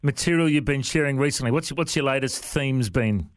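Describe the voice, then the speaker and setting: A man hosting an interview, asking questions with curious restarts. His voice is recorded close and dry, with no room sound. He speaks at a middle pitch. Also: fairly quick, no room sound. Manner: warm, curious, repeats words as he asks. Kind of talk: conversational interview.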